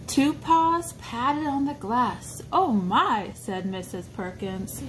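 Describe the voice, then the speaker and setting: A woman's voice: medium pitch, slow pace, hardly any pauses, a little hiss or hum. A woman reading a picture book aloud to a small child, coaxing and pointing things out with questions. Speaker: storybook reader for a child.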